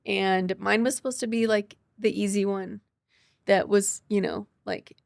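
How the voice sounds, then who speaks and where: A woman's voice: mid-range voice, steady tone, vocal fry, dry recording. A young woman, a podcast guest, telling her cancer story with emotion and quoting people as she goes. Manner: quick, tearful retelling with quoted dialogue.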